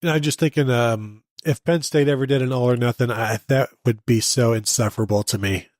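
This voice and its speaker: A man's voice: mid-range voice, steady tone, fairly quick, darkish tone, dry recording. Easygoing male podcast host, dry sound. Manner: easygoing, joking, leads the segments. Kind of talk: casual sports chat.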